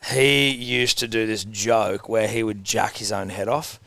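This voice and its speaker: A man's voice: on the low side, fairly even intonation, measured pace, creaky, bright, forceful tone, no room sound, clean studio sound. A man with an Australian accent in casual podcast chat, telling crude stories and teasing his mates. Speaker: podcast host.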